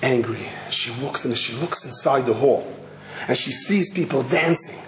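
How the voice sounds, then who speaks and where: Animated rabbi in an echoey hall. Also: male voice, mid-range voice, normal speed. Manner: animated, dramatic storyteller. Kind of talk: sermon storytelling. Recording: echoey hall, faint noise.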